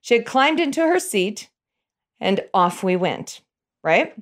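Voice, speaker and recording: A middle-aged woman telling a personal story in an animated way, chuckling as she goes. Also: medium pitch, slow pace.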